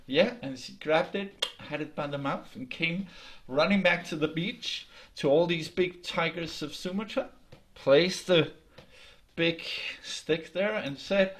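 Lively storyteller man. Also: on the high side. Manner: lively, halting with restarts, laughs along. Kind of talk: oral folk storytelling. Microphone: video call.

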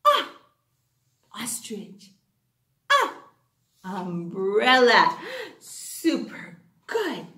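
Sing-song woman teaching young children. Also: fairly high pitch. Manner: animated, sing-song, with excited gasps. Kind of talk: children's phonics lesson. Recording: echoey room.

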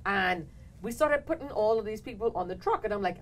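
A woman hosting a talk show, telling a story in an animated way and acting out what people said. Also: mid-range voice, brisk, poor audio. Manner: animated, laughing, acts out quotes. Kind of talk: casual storytelling chat.

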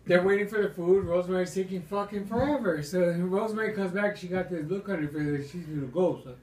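Crude storyteller far from the camera. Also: male voice, high-pitched, quick pace, a little mellow. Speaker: family member telling stories. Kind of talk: animated anecdote telling. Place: home during a family gathering. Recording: distant, roomy, noisy camera audio.

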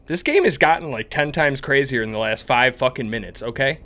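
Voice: mid-range voice, normal speed, fairly bright tone. A gamer commenting on a horror game, swearing constantly and breaking into screaming outbursts. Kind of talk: horror let's play commentary.

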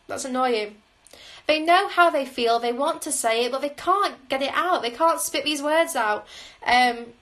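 A woman giving a live tarot reading, musing and intuitive, often pausing with "um" as she reads the cards. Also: high-pitched, fairly bright tone, rough recording. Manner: musing, intuitive, frequent "um" fillers. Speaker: tarot reader. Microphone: phone on a livestream.

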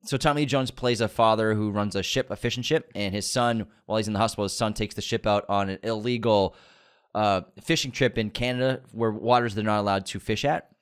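A man's voice: fairly low pitch, a little fast, clean tone. A man co-hosting a casual movie news podcast, rambling and wry, laughing often. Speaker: podcast co-host.

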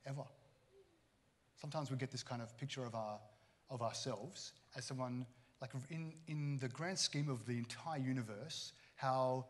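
Man preaching a conversational sermon. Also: mid-range voice. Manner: conversational, acts out quoted characters. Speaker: pastor.

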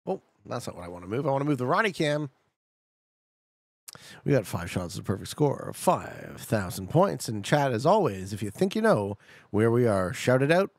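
Male streamer, chatty and excitable, gravelly voice, very lively pitch, dry close sound. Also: dry recording. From Canada. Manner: chatty, talks to chat, excitable outbursts. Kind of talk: casual live-stream commentary.

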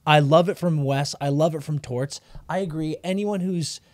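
A man with a slightly raised voice rants through a casual sports podcast, swinging between loud outbursts and muttered asides. He sounds recorded close on a dry mic with no room around him. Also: a little high, moderate pace, dry recording. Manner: animated, ranting, swings loud and quiet. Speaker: podcast co-host.

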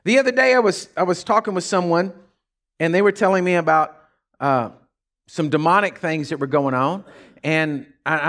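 A man preaching a folksy, animated sermon as pastor of a church. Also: a little high. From Texas.

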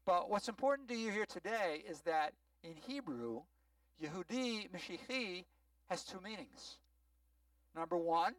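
A rabbi giving a sermon-style teaching, explaining words patiently and often checking whether the congregation follows. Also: male voice, high-pitched, no echo, recorded from a distance, rough recording. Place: synagogue sanctuary.

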